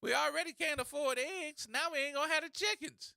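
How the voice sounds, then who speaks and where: A man hosting a talk radio show, ranting in a mocking, animated way and slipping into imitation voices. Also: very high-pitched, fairly quick, creaky, no room sound, clean studio sound. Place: radio studio.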